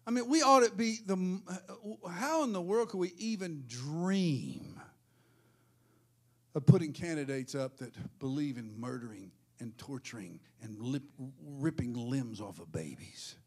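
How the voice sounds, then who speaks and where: A male pastor preaching a sermon in church, swinging from hushed asides to shouted, sing-song peaks. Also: on the high side, expressive, unhurried.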